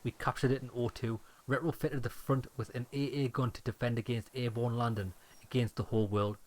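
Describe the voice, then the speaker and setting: A man's voice: mid-range voice, flat delivery, fairly quick, lightly acted. A man reading as a frail bitter old deserter. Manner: grim, clipped and bitter.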